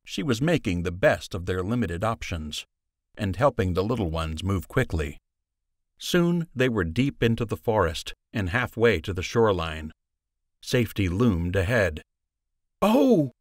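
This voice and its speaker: A man narrating an audiobook in a steady, measured storytelling manner. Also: sits low, no room sound, clean studio sound. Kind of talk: scripted narration.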